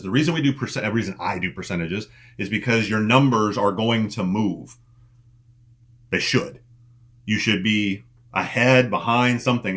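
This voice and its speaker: A man's voice: lowish voice, fairly bright tone. A man giving a motivational coaching talk on an online team call, emphatic and repeating his key lines for effect.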